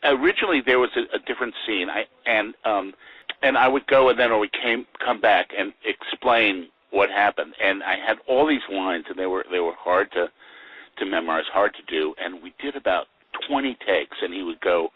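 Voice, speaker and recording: A man's voice: fairly low pitch, fairly quick, no echo, lo-fi sound. An older man, a guest actor, telling chuckling anecdotes in a casual interview. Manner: chuckling storyteller with lively voices for quoted people.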